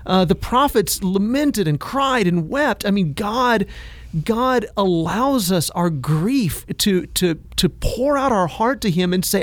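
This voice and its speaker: A man's voice: sits high, takes it slowly, dry recording. A man hosting a casual discussion podcast, speaking with passion and acting out quoted phrases. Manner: impassioned, animated, acts out quotes.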